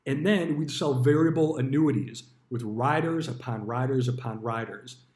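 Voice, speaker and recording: A retired stockbroker with a mid-range, darkish voice shares stories about his former job at a normal pace. He's blunt and casual, swears freely and acts out quoted dialogue, and the recording has a roomy echo.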